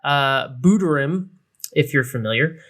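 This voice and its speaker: A man's voice: fairly high pitch, animated, a little slow, a bit bright. A man co-hosting a casual podcast, telling a story in a playful, rambling way with plenty of fillers. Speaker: podcast co-host. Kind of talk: casual chat.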